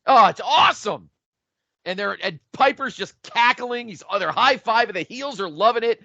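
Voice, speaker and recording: A podcast co-host with a bright, forceful, slightly high and creaky voice speaks at normal speed in excited casual chat. He narrates an imagined match like a breathless play-by-play, swearing freely, animated and profane. The recording is dry, echo-free, and somewhat dull, like lo-fi home podcast audio.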